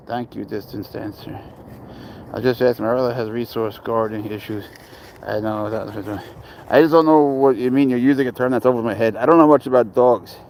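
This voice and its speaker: A young man livestreams with his cat, reading viewer comments and rambling crudely, swearing freely and making jokes at his own expense while talking to the cat. His ordinary mid-pitched voice is a little mellow, captured on a phone outdoors in poor audio, with faint traffic and street noise behind him.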